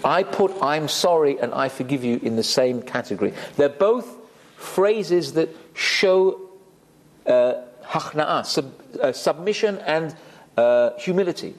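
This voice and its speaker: Rabbi giving a class, emphatic, lively swooping voice, high for a man. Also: a little slow. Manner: animated, emphatic, with Hebrew terms. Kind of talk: sermon. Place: community synagogue hall.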